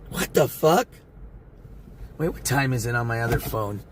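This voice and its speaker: A man's voice: medium pitch, lively intonation, moderate pace. A man live-streaming from inside a car, chatting casually with viewers, swearing often and rambling. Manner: profane, rambling, talks to his chat. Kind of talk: casual live-stream chat while driving.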